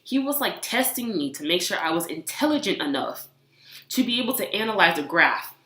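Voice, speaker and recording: A young woman studying engineering, telling animated, exasperated stories in a casual vlog. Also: mid-range voice, brisk, echoey room. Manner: animated, exasperated, talks with hands. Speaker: engineering student vlogger.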